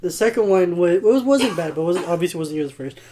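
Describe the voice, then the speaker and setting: Animated man telling stories on a podcast. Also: high-pitched, fast talker, slight background noise. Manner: animated storytelling with swearing. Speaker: podcast co-host. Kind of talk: casual group chat.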